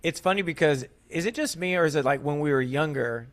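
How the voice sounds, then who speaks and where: A man's voice: a little high, a little fast. A man hosting a podcast, chatting casually with eager agreement and joking asides. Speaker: podcast host. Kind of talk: casual interview chat.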